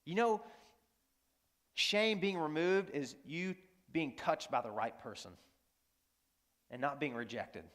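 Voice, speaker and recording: A man's voice: on the high side, a little slow, a bit bright. A male pastor preaching a sermon in a school auditorium, earnest and emphatic, repeating lines and asking the audience questions. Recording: long hall reverb from the auditorium.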